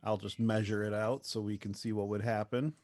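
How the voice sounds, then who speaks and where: A man's voice: on the low side, level tone, a little fast, a little mellow. A man playing a tabletop game over a call, easygoing and playful as he plans his character's moves. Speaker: player.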